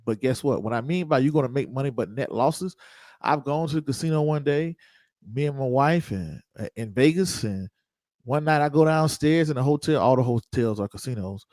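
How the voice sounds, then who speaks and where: A man hosting an investing show livestreams in an animated, darkish, mid-range voice at a moderate pace, with no echo. He talks loosely and jokes with viewers, repeating his points as he goes.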